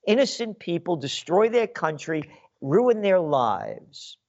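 A man's voice: fairly high pitch, big pitch swings, slow, darkish tone. A man hosting a radio show, delivering an angry, sarcastic, insulting rant. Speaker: radio host. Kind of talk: ranting radio monologue. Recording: dull lo-fi radio sound.

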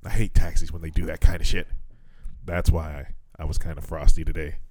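A man's voice: very deep voice, level tone, brisk, darkish tone, dry recording. A man in his thirties co-hosting a casual podcast, swearing freely and acting out what people said. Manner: profane storyteller, acts out quoted voices. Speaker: podcast co-host. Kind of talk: casual chat. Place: lives in Fukuoka, Japan.

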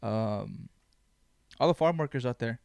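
A man's voice: medium pitch, unhurried, vocal fry, no echo. Blunt, swearing male podcast host. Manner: blunt, swears often, animated storytelling. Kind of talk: casual chat.

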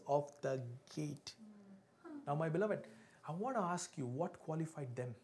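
Man preaching with loud bursts and hushed asides. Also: on the high side, expressive, measured pace. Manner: emphatic preaching with sudden loud peaks and hushed drops; asks the congregation for responses. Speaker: pastor. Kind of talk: sermon.

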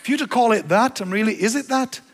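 A pastor preaching a sermon, animated, dropping to quiet low asides and then rising to emphatic lines. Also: male voice, fast. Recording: long hall reverb.

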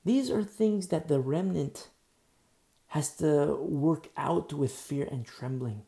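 Male preacher, gravelly fry, repeats phrases, asks rhetorical questions. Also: a little high, takes it slowly, dark tone. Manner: teaching verse by verse, repeating key phrases for emphasis. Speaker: pastor. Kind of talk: sermon.

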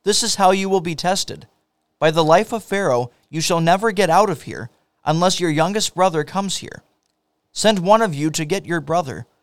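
A man's voice: high voice, lively intonation, normal speed, clean tone, no room sound. A man reading the part of a stern, commanding governor in a scripture story, in his own voice.

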